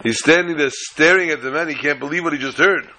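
A man preaching a sermon, telling a parable in an animated storytelling manner with dramatic pauses. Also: a little high, rough recording.

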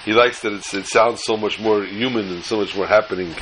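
A man's voice: lowish voice, steady tone, brisk, background noise. A man teaching a Torah class, telling a long joke in a chatty, joking way and often repeating words. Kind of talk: storytelling lecture.

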